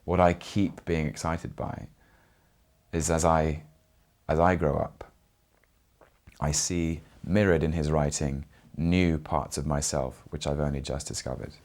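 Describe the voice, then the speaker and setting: A young man from Britain, an actor speaking in an interview, earnest and reflective with frequent pauses. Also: extremely low pitch, fairly even intonation, darkish tone.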